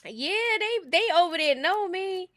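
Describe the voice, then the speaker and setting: A high, bright woman's voice, talking straight into a close, dry mic. She runs a casual livestream commentary, blunt and opinionated, and she laughs through her own remarks. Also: animated, a little slow, no echo. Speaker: commentary streamer.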